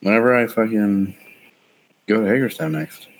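Man, 30s, casual chat, low voice, rambling, laughing, swearing. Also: fairly even intonation, normal speed. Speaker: friend chatting.

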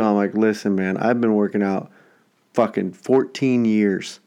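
A man's voice: lowish voice, steady tone, unhurried, warm tone, clean tone. Profane man telling a gym story. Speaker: podcast co-host. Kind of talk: casual chat.

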